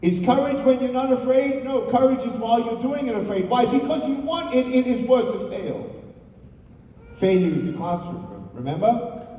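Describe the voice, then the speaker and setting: A man's voice: high voice, a little hiss or hum. A man giving a storytelling motivational speech to a live audience, full of rhetorical questions, recorded in an echoey hall from far off. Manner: animated, uses rhetorical questions. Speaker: motivational speaker. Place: large hall on stage.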